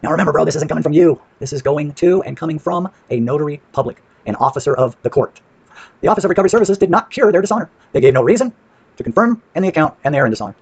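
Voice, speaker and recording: A man's voice: fairly high pitch, lively intonation, racing, creaky, husky, no echo. A man with a brash, profane manner, casually walking through paperwork on screen and asking and answering his own questions.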